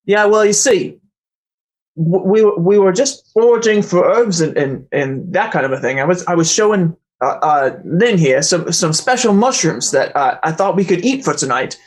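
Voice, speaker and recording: A man voicing a boastful Australian monster hunter, with a put-on Australian accent and rambling, excitable telling. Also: high voice, moderate pace. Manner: rambling, excitable, trailing off into stories.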